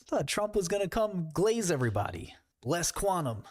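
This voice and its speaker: A man's voice: fairly high pitch, sing-song, moderate pace, darkish tone, no room sound, clean studio sound. A man hosting an investing livestream, talking casually in a sarcastic, mocking way.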